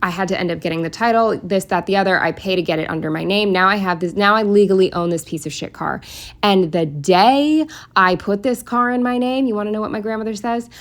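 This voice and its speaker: A woman's voice: medium pitch, fairly quick. A young woman venting in a casual, rambling storytime, exasperated and swearing freely. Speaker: planner vlogger.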